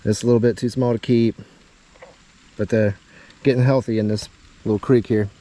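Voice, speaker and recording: Excited man fishing a creek. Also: mid-range voice, moderate pace, noisy background. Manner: excited, drawling exclamations to viewers. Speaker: fishing vlogger. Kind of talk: casual outdoor commentary.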